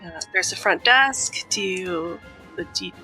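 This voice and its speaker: A woman's voice: on the low side, expressive, measured pace, pushed and bright, soft background music, low-quality recording. A woman running a tabletop game as game master, talking casually and hesitantly. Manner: casual, hesitant, lots of fillers.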